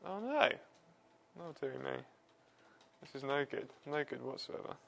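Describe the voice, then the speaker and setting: A man's voice: medium pitch, animated, normal speed, gravelly, a bit bright. Chatty man setting up a livestream. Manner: chatty, self-deprecating, laughs often. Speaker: presenter and physicist. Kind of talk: casual livestream chat. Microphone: wireless mic.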